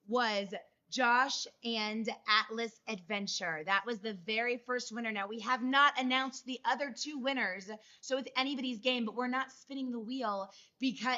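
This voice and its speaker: A woman's voice: a little high, pushed and bright, highs cut off. A woman co-hosting a casual chat, speaking in a cheerful, chatty way. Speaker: co-host.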